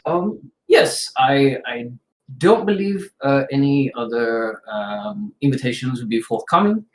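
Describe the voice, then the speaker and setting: A woman voicing a hesitant, formal male hotel clerk who talks haltingly with many ums. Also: rumbling low, expressive, echoey room, poor audio.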